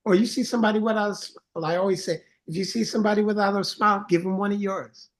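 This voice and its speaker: In a casual interview, this middle-aged guest, a songwriter and producer, talks fast in a high-pitched voice with fairly even intonation. He tells earnest stories, acting out the voices of the people in them.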